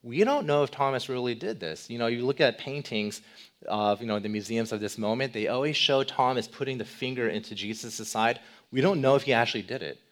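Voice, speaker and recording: A male pastor giving a sermon, asking rhetorical questions and moving between loud emphasis and quiet, low passages. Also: a little fast. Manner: animated, swings between loud emphasis and soft low delivery.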